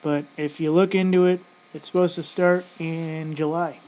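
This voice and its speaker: A man's voice: fairly high pitch, flat delivery, normal speed, darkish tone. A man in casual ranting commentary, rambling and profane, often addressing "folks". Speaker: vlogger. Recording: dull lo-fi audio with faint noise.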